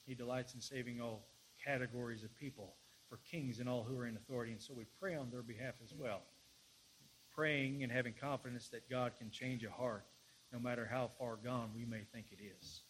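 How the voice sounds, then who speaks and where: A man preaching and praying in an earnest sermon, often repeating words as he searches for the next phrase and building to louder passages. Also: mid-range voice, fairly even intonation, a little fast, a little hiss or hum, rough recording. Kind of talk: sermon with prayer.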